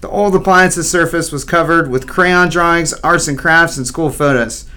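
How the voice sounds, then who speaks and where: A man's voice: on the high side, moderate pace, sharp tone. Playful male children's story narrator. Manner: playful, with wry asides to the listener.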